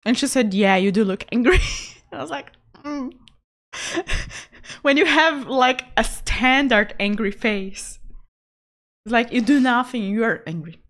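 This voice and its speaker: A woman's voice: a little high, measured pace, fairly bright tone. A woman chatting casually with her viewers while she draws, laughing often and repeating words for emphasis. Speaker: art streamer. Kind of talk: casual chat while drawing.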